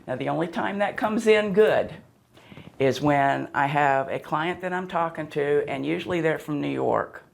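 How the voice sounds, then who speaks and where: A woman's voice: deep voice, moderate pace, vocal fry, slight background noise. A woman in her seventies, born in Pennsylvania and raised in Florida, telling wry, rambling stories as an interview guest. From born in Pennsylvania, raised in southwest Florida. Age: 70s. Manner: wry and joking, rambling with restarts. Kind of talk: casual storytelling.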